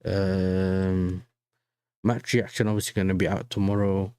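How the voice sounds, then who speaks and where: A young man talks loosely and casually to his stream chat, his voice sitting a little low. He is heavily slangy and keeps checking in with his viewers. The sound is close and dry, with no room around it. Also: flat delivery, unhurried, darkish tone, clear, resonant tone, dry recording. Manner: chatty and slangy, keeps saying "you know what I'm saying". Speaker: football fan channel host. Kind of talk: casual livestream reaction chat.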